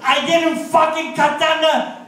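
A man voicing an indignant early American president who yells in outrage, in a far-off, echoey room. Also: extremely high pitch, little pitch movement, a little slow, voice pushed up, heavily acted. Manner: outraged, yelling. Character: indignant shouting early male president, defensive.

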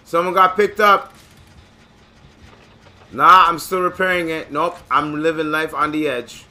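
Young male gaming host, excitable and crude, bright edgy tone. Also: on the high side, measured pace. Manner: excitable, profane, joking. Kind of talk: casual gameplay commentary.

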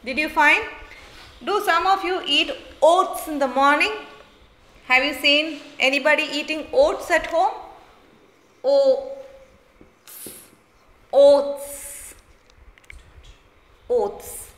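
A woman teacher, slowly sounding out and repeating words in a phonics lesson for young children. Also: sits high, sharp tone. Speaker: primary school teacher. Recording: echoey room.

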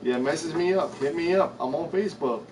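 A man's voice: on the high side, fairly quick, darkish tone. A man co-hosting a live unboxing stream, trading easygoing banter and chuckling. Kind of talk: casual chat. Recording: distant mic with faint noise.

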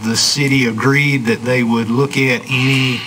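A man's voice: mid-range voice, steady tone, a little slow, sharp tone, slight background noise, low-quality recording. A man briefing a board plainly, with some hedging and repeated phrases. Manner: hedging, repetitive, plain-spoken. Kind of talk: meeting briefing.

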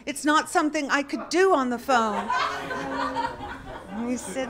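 A woman comedian doing stand-up storytelling on a club stage, wry and deadpan, rising to exasperated bursts. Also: high voice, a little slow, long pauses. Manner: deadpan, wry delivery that rises to exasperated outbursts. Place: comedy club stage before a laughing audience.

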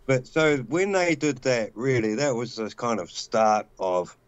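A man's voice: mid-range voice, expressive, measured pace, smooth, no room sound, dull audio. Blunt rambling New Zealand man. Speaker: guest caller. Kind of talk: casual call-in chat.

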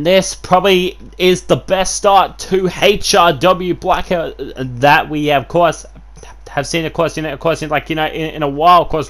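Excitable man calling game wrestling. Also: fairly high pitch. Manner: excitable, filler-heavy, keeps saying "of course", bursts into shouts at big moves. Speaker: commentator. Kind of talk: play-by-play commentary over a wrestling video game.

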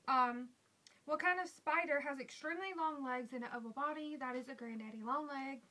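A woman's voice: sits high, fast talker, sharp tone, a little hiss or hum. A young woman with a Southern US accent, chatting casually to camera as a beauty vlogger, reading out questions and answering them.

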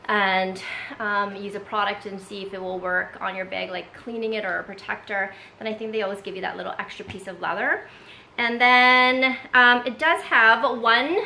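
A chatty woman talks through an unboxing in a casual, rambling way, full of little fillers. Her voice is bright and crisp, and it rings around an echoey room at home with a faint hiss behind it. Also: mid-range voice. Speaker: vlogger.

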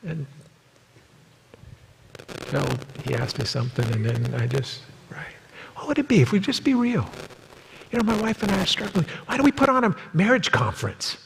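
Storytelling male pastor, slightly high voice. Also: big pitch swings, brisk, vocal fry, a bit bright, in a large hall, slight background noise, rough recording. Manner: storytelling, acting out quoted voices in a higher pitch. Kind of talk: sermon. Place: church sanctuary.

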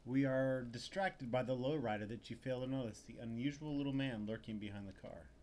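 A man's voice: mid-range voice, a little fast, darkish tone, slight background noise. Man reading game text wryly. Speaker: let's play host.

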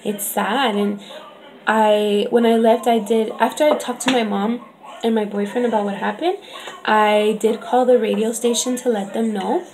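A woman's voice: a little high, fairly even intonation, moderate pace, noisy background. A young woman and mother telling a chatty, upset story in a casual vlog, often asking "you know what I mean". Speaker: vlogger and mother.

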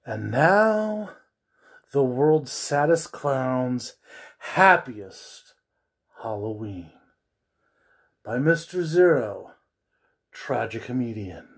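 A storyteller narrating a bedtime story with slow, expressive delivery and whispered asides. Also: medium pitch, slightly rough.

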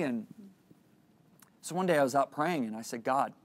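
A man's voice: mid-range voice, animated, normal speed, long pauses. A middle-aged man teaching a Christian lesson, telling a personal story in an earnest way and acting out the lines of the people in it. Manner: earnest storytelling, acts out dialogue.

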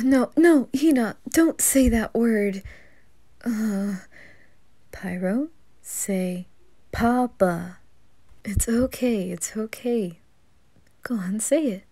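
A woman voicing a gentle, doting young father in a whispered role-play, talking softly with light laughs. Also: mid-range voice, drawn-out words, pauses often, no room sound, exaggerated voice. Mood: amused. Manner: soft, tender, breathy whispering with light laughs.

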